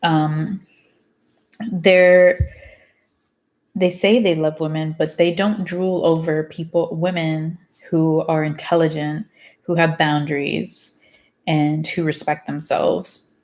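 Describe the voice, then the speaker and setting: Woman, low pitch, casual book reading, halting delivery, rereads stumbles, frank side comments. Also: flat delivery, darkish tone. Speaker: book reader. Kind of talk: casual reading aloud with chatty asides.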